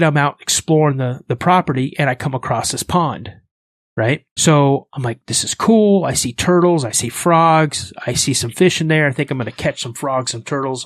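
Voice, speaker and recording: A man from the United States, a podcast guest, telling a story in a casual, animated way and acting out the voices in it. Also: medium pitch, no echo.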